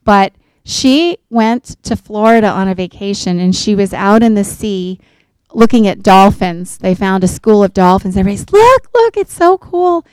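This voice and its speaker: A middle-aged woman speaks earnestly to a gathered group, recounting a counseling story. Her voice is smooth and resonant, recorded dry and close. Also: mid-range voice, fairly even intonation, moderate pace, darkish tone, dry recording. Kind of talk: faith-based talk to an audience.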